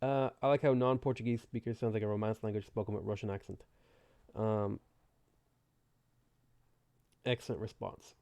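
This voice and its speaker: A man's voice: fairly low pitch, moderate pace, pauses often, no echo. Give me a man with a sore throat giving laid-back live game commentary in a dry, dead room. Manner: relaxed, chatty, muttering game moves to himself. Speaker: streamer playing a strategy game. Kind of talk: live gameplay commentary, reading chat.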